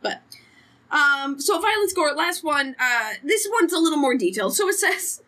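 A woman with a high, bright voice co-hosts a casual podcast chat. She is frank, swears freely and keeps joking. Her pitch swings widely as she talks. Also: animated, normal speed. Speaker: podcast co-host.

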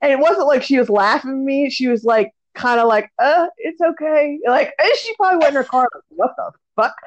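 A woman telling a funny story in a casual chat, laughing often and raising her voice when she acts it out. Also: muffled recording. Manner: laughs a lot, animated retelling with pitch jumps.

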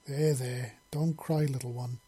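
A man voicing a grown woman, a kind and earnest mother who speaks gently. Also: medium pitch, steady tone, unhurried, breathy edge. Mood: gentle.

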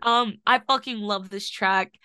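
A young woman co-hosting a music podcast, excitable and gushing, swearing a lot. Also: mid-range voice, measured pace, smooth, no echo, clean studio sound. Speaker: podcast co-host. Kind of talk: casual music news chat.

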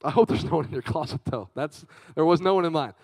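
Lively young man preaching to kids. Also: fairly high pitch, fast talker, no room sound. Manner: lively, chatty, calls out to the audience. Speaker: youth speaker. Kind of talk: youth sermon with personal storytelling.

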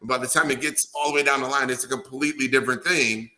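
A man's voice: mid-range voice, fairly even intonation, fast, over a noisy crowd. A man hosting a casual podcast chat, laid-back and laughing easily, with casual swearing. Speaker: podcast host.

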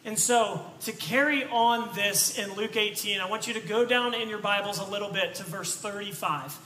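A man's voice: high voice, moderate pace, bright, forceful tone. A man preaching a sermon as pastor, in a conversational, storytelling way with rhetorical questions. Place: church sanctuary. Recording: echoey church room with faint noise.

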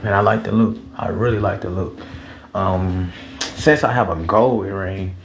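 Gravelly young man, casual podcast chat. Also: sits low, steady tone, moderate pace, reverberant, slight background noise. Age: 20s. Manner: rambling, slangy and profane. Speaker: podcast host.

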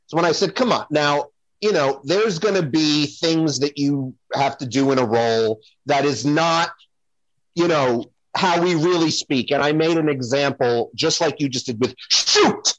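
A man hosting a podcast who talks in a playful, animated way while making his points. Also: fairly high pitch, moderate pace, dry recording, muffled recording. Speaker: host. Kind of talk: casual podcast chat.

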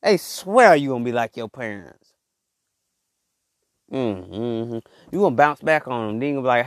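A man's voice: medium pitch, expressive, normal speed, smooth, no room sound. Emphatic man giving a dry-voiced pep talk. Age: adult father. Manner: repetitive, emphatic, conversational slang. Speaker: podcast host. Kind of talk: motivational monologue.

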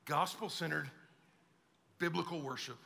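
High, gravelly pastor preaching in a reverberant hall. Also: male voice, moderate pace. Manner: animated, conversational, acts out quoted voices. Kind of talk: sermon. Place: church auditorium.

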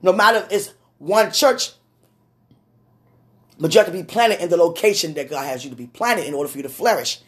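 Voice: mid-range voice, expressive, fairly quick, a bit bright. A prophetic minister speaking straight to a listener in a sermon podcast, emphatic and repeating key phrases. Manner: emphatic, repetitive, direct address.

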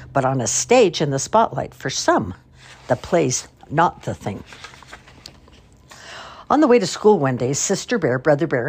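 An older woman, a grandmother, reading picture books aloud with an expressive storytelling cadence. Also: sits low, slightly rough. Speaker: storybook reader.

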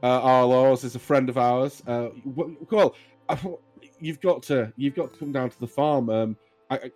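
A man's voice: medium pitch, moderate pace, a little mellow, lightly acted. A man voicing a cheerful, flustered middle-aged farmer father who rambles and stammers, with faint music behind. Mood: hospitable.

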